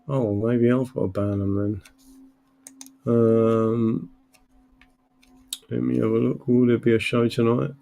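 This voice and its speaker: Tired, gravelly-voiced man streaming live. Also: mid-range voice, flat delivery, slow, pauses often, mellow, muffled recording. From England. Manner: reads out viewer names, rambling with many fillers. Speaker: livestream host. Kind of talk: casual livestream chat. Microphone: computer mic, camera off.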